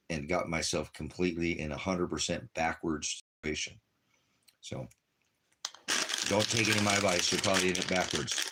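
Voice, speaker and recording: Speaking straight to his livestream audience, this Los Angeles ministry host rambles in a relaxed, chatty way. His deep voice is a bit bright, with a faint hiss or hum present.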